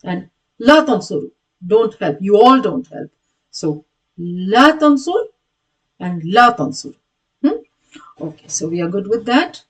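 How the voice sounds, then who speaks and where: A woman's voice: mid-range voice, very animated, measured pace, pauses often, rough recording. Patient woman drilling grammar words aloud. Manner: patient, repetitive, many restarts. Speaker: Quranic Arabic teacher. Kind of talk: recorded grammar lesson.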